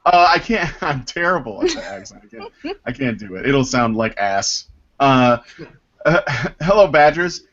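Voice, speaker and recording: Male podcast host, mid-pitched, rambling and filler-heavy, dull lo-fi sound. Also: very animated, fairly bright tone. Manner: rambling, halting, with many fillers. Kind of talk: casual panel chat, reading listener mail.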